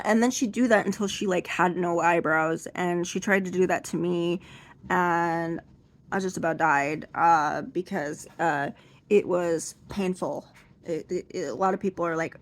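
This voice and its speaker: A young woman doing seated stand-up. She rambles through an anecdote with many restarts and fillers, and jumps into high, loud voices when she acts out other people. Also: unhurried. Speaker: stand-up comedian.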